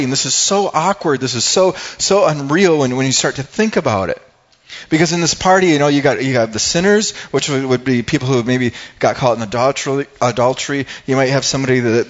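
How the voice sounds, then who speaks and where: A man preaching a sermon in a conversational way, asking his congregation questions. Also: medium pitch. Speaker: pastor. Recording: dull lo-fi sound.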